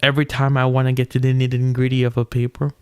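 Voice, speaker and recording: Young man, mid-range voice, smooth and clean, dry close sound, casual late-night read-aloud with chatty asides. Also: mid-range voice, completely flat delivery, rapid-fire, no room sound. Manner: rambling, restarts often, slangy asides. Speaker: solo reader commenting on a philosophy paper.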